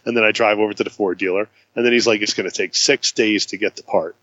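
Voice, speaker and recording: A man casually telling a road-trip story in a chat, acting out the voices of the people he met with big jumps in pitch. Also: fairly even intonation, fast talker, sharp tone, no echo, highs cut off. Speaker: guest.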